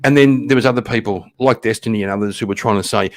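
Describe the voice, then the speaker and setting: A man hosts a stream and reacts to clips, talking bluntly and swearing. His voice is fairly low. He rambles and restarts as he thinks aloud. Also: quick pace, few pauses. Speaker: stream host. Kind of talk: casual reaction commentary.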